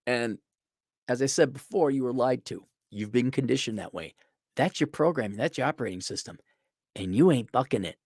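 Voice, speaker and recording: Sarcastic and ranting, a middle-aged man hosting a podcast delivers an opinion monologue complete with mocking impressions. He speaks fairly quickly in a mid-range, slightly mellow, husky voice, recorded dry with clean studio sound.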